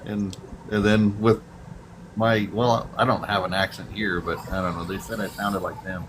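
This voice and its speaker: A low-voiced man chatting casually on a live show. He chuckles easily and rambles through his stories. A clear layer of noise sits behind him. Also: level tone, normal speed. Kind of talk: casual live-stream chat.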